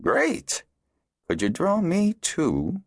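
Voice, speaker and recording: A patient, direct dragonrider man who probes with gentle questions, set higher than a plain speaking voice, as a man puts him on. His pitch swings freely, and the recording is dry and close. It is an audiobook reading. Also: huge pitch swings, drawn-out words, husky, no echo, heavily acted.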